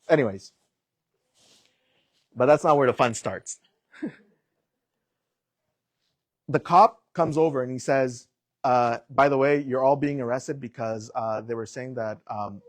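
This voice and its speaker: A young adult man preaching, telling a personal story in an animated way and acting out the voices in it. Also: medium pitch, no echo. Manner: animated storytelling, acts out quotes.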